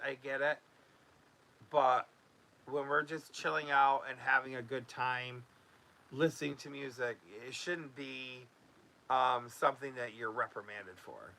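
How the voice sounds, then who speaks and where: A man's voice: medium pitch, vocal fry, bright, forceful tone. A man hosting a casual home vlog, talking loosely with many fillers and restarts. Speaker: YouTube host.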